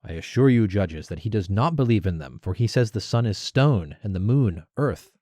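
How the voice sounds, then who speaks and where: Man doing a grudging ancient accuser, low voice, dry close mic, curt replies. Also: expressive, moderate pace, warm tone, no room sound, natural voice. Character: stubborn male accuser answering curtly.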